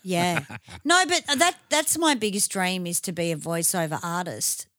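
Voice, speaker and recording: A woman's voice: lowish voice, lively intonation, normal speed, a bit bright, no echo, studio quality. A woman with an Australian accent co-hosting a podcast, chatting bluntly with plenty of swearing and easy laughs. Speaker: podcast co-host. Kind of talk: casual chat.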